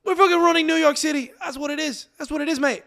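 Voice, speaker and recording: A man putting on a brash, high-pitched boozy Irish brawler. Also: fairly even intonation, fast talker, creaky, full character voice. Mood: boastful. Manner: loud, swaggering, profane. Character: brash boozy Irish fighter bragging, rowdy adult man.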